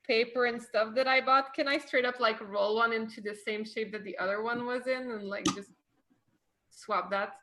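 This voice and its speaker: A woman's voice: a little high, steady tone, normal speed, sharp tone. A woman playing a cleric in a tabletop game, playful and pushy. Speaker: player. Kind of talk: tabletop role-play as a cleric.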